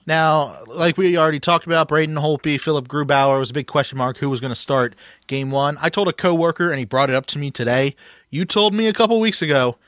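Guy hosting a hockey-style sports chat, voice a bit high, totally dry sound, easygoing and rambly. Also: fairly quick, fairly bright tone, no room sound. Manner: conversational, leads questions with restarts. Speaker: podcast host.

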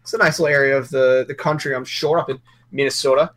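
Bright-voiced man rambling about hockey. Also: mid-range voice, steady tone, fast. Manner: rambling, joking, self-correcting. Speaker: hockey podcast co-host. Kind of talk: casual sports chat.

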